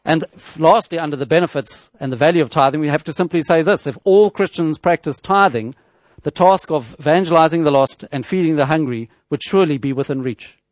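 A man preaches a sermon in a measured teaching tone, posing rhetorical questions and restarting often. His voice is on the high side, with no echo.

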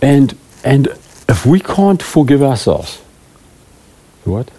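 A man's voice: mid-range voice, sing-song, slow pace, dark tone, husky. A middle-aged man, a preaching elder, giving a rambling, self-deprecating talk to a small group of church leaders. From South Africa.

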